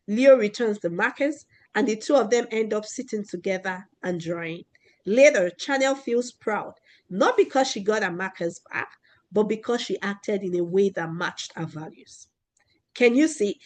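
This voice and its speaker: A woman teaching a children's class, who keeps asking questions and checking in with the kids. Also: fairly high pitch. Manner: asks questions often, keeps checking with "right?".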